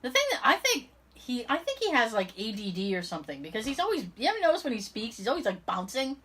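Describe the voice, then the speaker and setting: A woman co-hosting a podcast in casual chat, telling stories in an animated way and swearing freely. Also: a little high, fast talker, breathy edge. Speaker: podcast co-host.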